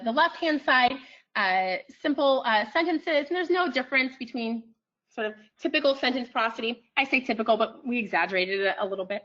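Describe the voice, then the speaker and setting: A woman giving an academic lecture in a room, pausing often with ums and restarting her phrases. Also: on the high side, a bit bright, highs cut off. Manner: frequent ums, thoughtful restarts.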